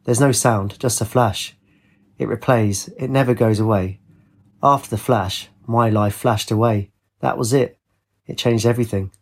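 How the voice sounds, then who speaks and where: A man voicing a homeless, one-armed, cynical ex-Marine with a gravelly, blunt way of talking. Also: lowish voice, steady tone, normal speed, a little mellow.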